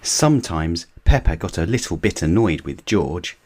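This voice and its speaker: A man reading a children's storybook aloud as narrator, in a measured, even way. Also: low-pitched.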